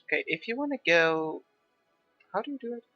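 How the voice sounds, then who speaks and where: Speaking high and fairly fast with lively intonation, a non-native English-speaking gaming YouTuber chats casually over his gameplay in an accent that is part British, part American. He thinks out loud and cracks self-deprecating jokes, recorded on a slightly dull lo-fi mic with faint background music.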